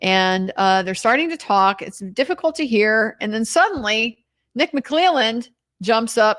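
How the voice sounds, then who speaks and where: A woman legal commentator recounting courtroom testimony in an animated retelling, quoting others in her own voice. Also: on the high side, a little slow.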